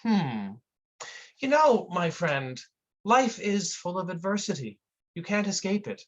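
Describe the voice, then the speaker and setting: Smug self-help lecturer, patronizing and unhurried, played by the performer. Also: mid-range voice, very animated, lo-fi sound, pitched above the performer's own voice. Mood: condescending. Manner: slow, condescending, lecturing. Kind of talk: comic performance piece.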